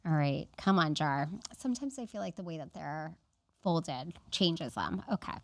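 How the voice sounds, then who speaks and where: A woman from Florida hosting a casual podcast chat, bubbly and quick to agree. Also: low voice, animated. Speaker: podcast host.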